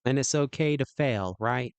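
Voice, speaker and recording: A man's voice: medium pitch, normal speed, smooth, no echo. A man hosting a livestream, chatting casually, rambling with lots of fillers and laughs. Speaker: livestream host.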